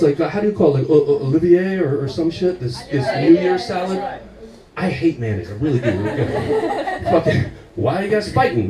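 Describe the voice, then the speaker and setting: Stand-up comic, American man, young adult, lively swooping delivery, mellow tone, recorded in an echoey room from a distance. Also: sits high. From United States. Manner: animated storytelling, swears a lot, laughs often. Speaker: stand-up comedian. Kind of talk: stand-up set.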